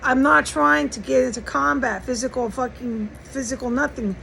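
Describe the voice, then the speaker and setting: An American woman speaks with a slightly raised pitch and a gravelly, fry-laden tone. Her talk is profane and rambling, pressing each point with urgency. Faint traffic noise hums behind her indoor recording. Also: fairly even intonation, moderate pace, bright, forceful tone, poor audio. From United States. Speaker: vlogger. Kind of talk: agitated personal monologue. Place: indoors in a house.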